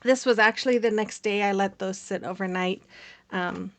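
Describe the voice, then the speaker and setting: A woman's voice: mid-range voice, steady tone, normal speed. A woman hosting a craft channel, narrating her project in a casual, rambling voice-over with many fillers and frequent laughs.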